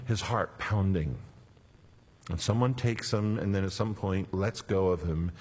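A man preaching a sermon, retelling scripture dramatically and dropping to hushed tones for quoted words. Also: low-pitched, normal speed, slightly rough. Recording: long reverb of a large hall.

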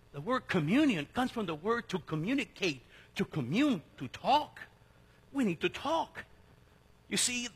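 A male pastor delivering a lively sermon in a church, joking and quizzing his congregation. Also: high-pitched, husky. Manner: lively, jokey preaching that asks the congregation questions.

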